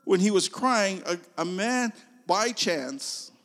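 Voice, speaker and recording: Man, storytelling sermon, slow, dramatic swings in volume, reverberant hall. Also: high-pitched. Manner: animated storyteller, swings from loud to hushed. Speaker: preacher.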